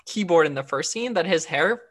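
A woman's voice: fairly low pitch, expressive, normal speed. A woman co-hosting a podcast, recapping an episode in casual chat with lots of fillers and restarts. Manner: chatty, frequent fillers and restarts. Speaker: podcast co-host.

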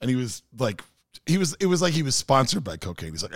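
A man hosting a casual podcast chat, telling a story in an animated way and acting out the people in it. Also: medium pitch, brisk, no echo, studio quality. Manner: animated storyteller who acts out quoted people. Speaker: podcast host.

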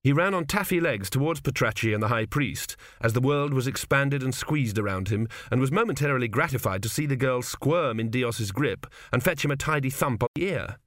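A man's voice: mid-range voice, expressive, a little fast, hardly any pauses, fairly bright tone, no room sound, clean studio sound. Man reading a comic novel aloud. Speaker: audiobook narrator. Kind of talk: scripted comic narration.

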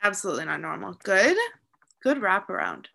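A woman with a light Midwestern accent talks casually on a podcast and gives her opinions bluntly. Her voice is bright and forward, with a sharp edge. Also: medium pitch, expressive, brisk, gravelly. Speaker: podcast co-host. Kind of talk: casual chat.

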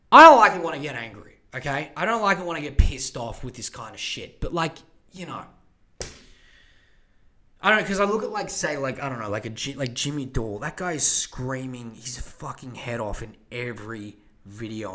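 A man's voice: mid-range voice, sharp tone. A young man hosting a solo podcast, ranting about politics in a profane, rambling way. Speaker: podcast host.

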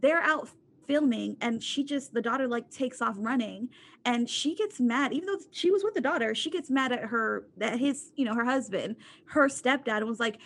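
A young woman co-hosts a casual podcast chat, talking quickly with an exasperated edge. Her voice is on the higher side, with a husky, gravelly texture. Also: a bit bright. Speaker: podcast co-host.

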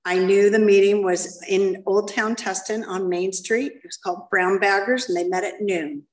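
A woman's voice: medium pitch, fairly even intonation, normal speed. A middle-aged woman giving a candid, self-deprecating personal testimony to a live audience in a meeting room. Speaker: speaker sharing her story at a recovery meeting. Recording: voice picked up from a distance.

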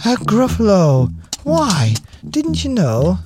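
A cheeky little storybook mouse voiced by a man, pitched high and lively, sounding quick-witted and a touch boastful. Gentle guitar music plays underneath. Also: full character voice. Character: small clever boastful brown mouse.

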